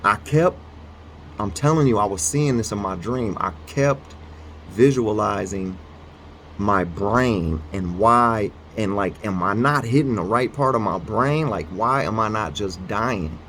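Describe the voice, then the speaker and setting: A man with a lowish voice talks slowly, rambling and restarting his sentences as he tells a story. He also reads a devotional aloud in an unhurried way. A faint hum of air conditioning sits behind him indoors. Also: a bit bright. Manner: rambling, halting, fillers and restarts. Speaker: vlogger. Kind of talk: casual storytelling.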